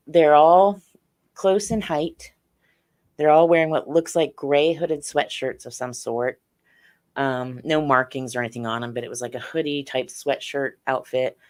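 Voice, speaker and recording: A woman's voice: low-pitched, moderate pace, darkish tone. Earnest woman guest, middle-aged. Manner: earnest, recounts experiences in detail. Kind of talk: interview on a podcast.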